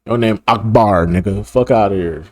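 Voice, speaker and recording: A man's voice: on the low side, moderate pace. A man hosting a reaction video, talking bluntly and profanely in casual commentary, laughing and repeating himself.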